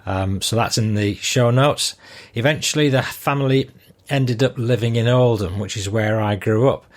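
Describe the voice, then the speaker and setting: An older man hosting a podcast, reading listener messages aloud in a relaxed, conversational way. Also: medium pitch, moderate pace. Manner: relaxed, conversational, with frequent ums. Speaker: podcast host.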